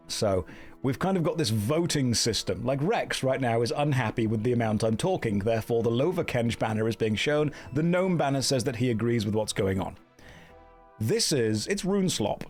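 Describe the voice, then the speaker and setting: A man's voice: medium pitch, animated, moderate pace, a little mellow, faint music behind. A man streaming a game and commenting casually, with a dry, joking manner.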